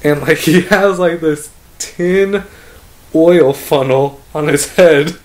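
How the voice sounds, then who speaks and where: A man's voice: fairly high pitch, slow pace. A young man co-hosting a podcast, telling a travel story in casual chat, full of "like", swearing and laughter. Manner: rambling storyteller, heavy "like" filler, swears, laughs often. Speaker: podcast co-host.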